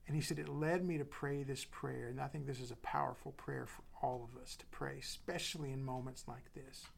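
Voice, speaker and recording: A middle-aged man preaching a sermon as pastor, dropping to soft whispers and building with emphatic repetition. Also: medium pitch, fairly even intonation, brisk, gravelly, slight background noise.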